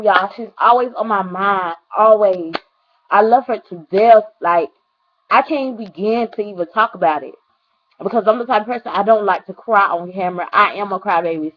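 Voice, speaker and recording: A woman's voice: medium pitch, dull audio. A young woman talking to her camera at home in a casual, earnest vlog, near tears, calling her viewers "y'all". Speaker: vlogger.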